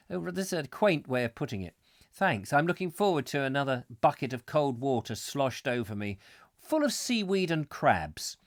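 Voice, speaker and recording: A middle-aged Englishman hosts a comic live show, reading out viewer comments and wandering off into playful, mock-gruesome asides. His voice sits a touch high for a man. The sound is close and dry. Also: big pitch swings, moderate pace, no room sound. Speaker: host.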